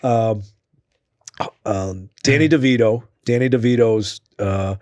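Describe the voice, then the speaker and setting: A man's voice: medium pitch, takes it slowly, a little mellow, no room sound. A man hosting a podcast, telling stories animatedly, swearing and acting out quotes. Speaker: podcast host. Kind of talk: casual storytelling interview.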